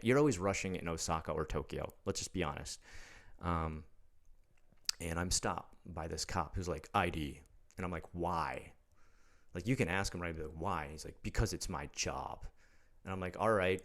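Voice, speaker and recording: A man in his thirties telling a story in a blunt, exasperated and mocking way, with casual swearing. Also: low voice. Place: living in Japan.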